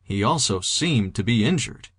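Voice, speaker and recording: A man reading a novel aloud in a steady, even audiobook narration. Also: on the low side, moderate pace, husky, no room sound, studio quality. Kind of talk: scripted narration.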